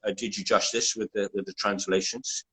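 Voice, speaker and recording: A lower-pitched man with an Italian accent hosts a casual interview over a video call. His voice is bright and forward. He talks haltingly, restarting his phrases often. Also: flat delivery, low-quality recording. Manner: hesitant, many restarts, switches to translate. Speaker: interview host.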